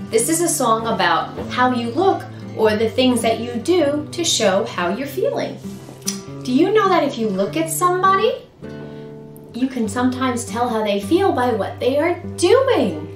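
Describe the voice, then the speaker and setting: Animated sing-song woman for toddlers. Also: high-pitched. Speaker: children's librarian. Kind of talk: singing and talking to toddlers. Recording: roomy sound with guitar music.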